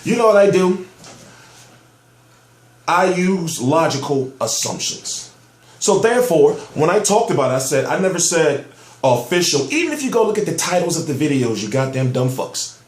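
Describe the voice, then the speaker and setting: A man rants about boxing in a heated, profane vlog, hammering his points home. His voice sits somewhat high and sounds amped up. The room around him echoes. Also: sing-song, moderate pace. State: amped up on soda. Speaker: boxing news commentator. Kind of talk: ranting vlog commentary.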